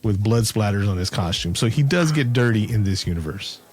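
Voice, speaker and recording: A man's voice: lowish voice, expressive, fairly quick, a little mellow, slight background noise. A man casually retelling a movie's plot on a podcast, rambling and cracking jokes along the way. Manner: rambling storyteller, jokey asides. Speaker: podcast co-host. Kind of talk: casual movie recap chat.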